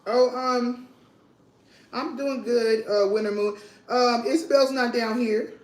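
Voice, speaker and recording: A woman vlog host, telling an animated, emphatic story to her viewers and repeating lines for effect, at home in her kitchen. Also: a little high, takes it slowly. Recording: roomy echo with faint noise.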